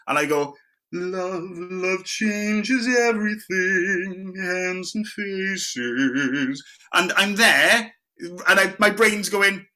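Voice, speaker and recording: A man's voice: on the high side, pushed and bright. A man telling stories in a casual chat as a podcast co-host. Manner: chatty storyteller, says mate often.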